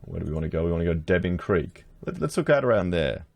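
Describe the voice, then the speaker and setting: A man's voice: low-pitched, big pitch swings, quick pace, creaky, a little hiss or hum. An Australian man chatting casually to his viewers, sarcastic as he browses house listings and addresses them as guys. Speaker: political commentator.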